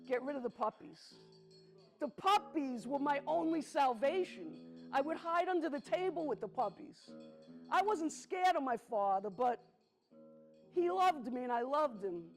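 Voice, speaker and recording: High-voiced woman telling stories on stage. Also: animated, faint music behind. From the Bronx, New York. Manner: conversational, talks directly to the audience, slows for emphasis. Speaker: solo stage performer. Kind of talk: theatrical storytelling to a live audience. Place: theatre stage.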